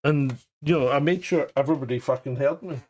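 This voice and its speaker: A man's voice: medium pitch, quick pace, a little mellow. A middle-aged Scottish man co-hosting a live stream, chatting casually, joking, laughing often and swearing freely. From Scotland. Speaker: co-host.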